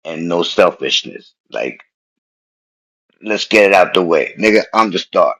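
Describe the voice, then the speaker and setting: A man casually telling a personal story in street slang, animated and repeating himself as he goes. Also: deep voice, a little slow, slightly rough, rough recording.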